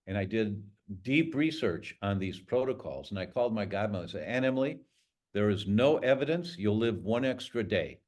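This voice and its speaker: Older man telling a heartfelt story. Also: lowish voice. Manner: emotional, animated storyteller acting out dialogue. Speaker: guest speaker. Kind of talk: personal storytelling in an interview.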